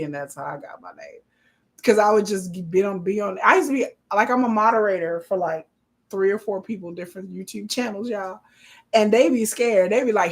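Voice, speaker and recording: A woman, probably in her thirties, hosting a casual live stream and telling sassy, animated stories with bursts of laughter. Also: mid-range voice, brisk, vocal fry. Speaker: livestream host.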